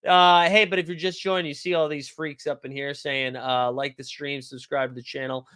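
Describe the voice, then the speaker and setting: A man with a fairly high, even-toned voice speaks at a normal pace, sounding pushed, bright, and smooth. He hosts a fantasy basketball livestream, chatting loosely and joking around while reading comments and greeting viewers by name.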